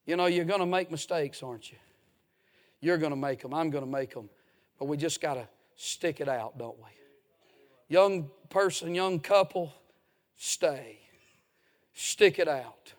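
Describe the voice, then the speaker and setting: A man's voice: on the high side, unhurried, pauses often. A man preaching a folksy, emphatic sermon as a pastor in a church.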